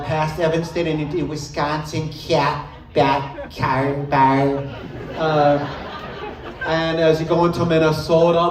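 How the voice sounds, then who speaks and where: Halting man doing stand-up in a club. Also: mid-range voice, a little mellow, a little hiss or hum. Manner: hesitant, halting delivery full of ums and uhs; jumps into brief mock regional accents. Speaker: stand-up comedian. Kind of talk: live stand-up set. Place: live club stage. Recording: roomy club audio from far off. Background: audience laughter.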